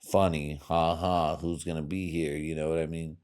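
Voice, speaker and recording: A man with a very deep voice rants through his own podcast. He swears constantly and wanders from point to point, his volume and pitch lurching up and back down. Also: little pitch movement, moderate pace, smooth. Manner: crude, swearing, rambling; loud swings in volume and pitch. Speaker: podcast host. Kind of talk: profane rambling monologue.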